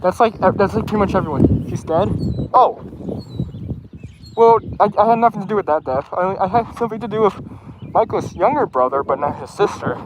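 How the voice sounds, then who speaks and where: A man's voice: high voice, lively intonation, brisk, dull audio, noisy background. A man streaming casually and answering his chat in character, rambling and defensive with lots of stumbling restarts.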